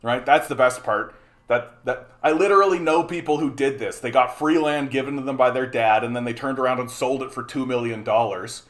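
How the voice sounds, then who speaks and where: A man's voice: medium pitch, fairly quick, fairly bright tone. Man ranting on a livestream. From Canada. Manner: heated, profane, repeats himself, stumbles on restarts. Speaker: livestream host.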